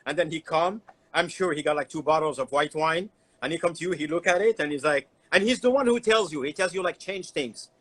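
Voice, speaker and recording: Man, somewhat high voice, animated, repeats words, casual storytelling. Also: brisk, poor audio. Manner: animated, repeats words, broken English phrasing. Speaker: chocolatier guest. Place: Instagram Live stream.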